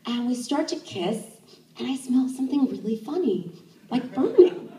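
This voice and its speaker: A young woman tells a personal story, her slightly high voice leaping up whenever she acts out her own thoughts. She sounds set back from the microphone, in a reverberant room. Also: normal speed, slight background noise. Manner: animated, acts out her own inner thoughts in jumps of pitch. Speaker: sex educator. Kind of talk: live first-person storytelling. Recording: roomy, distant stage mic.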